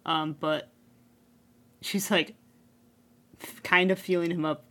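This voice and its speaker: A woman's voice: on the low side, steady tone, takes it slowly, sharp tone. A woman co-hosting a casual fan podcast, laughing often and riffing on her partner's points. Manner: laughs often, agrees and riffs along. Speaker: podcast co-host.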